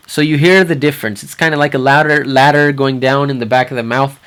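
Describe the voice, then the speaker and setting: A man teaching Quran recitation rules, explaining patiently and repeating each example word slowly so learners can hear it. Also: mid-range voice, a bit bright. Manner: patient, repeats Arabic words slowly for practice. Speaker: tajweed teacher.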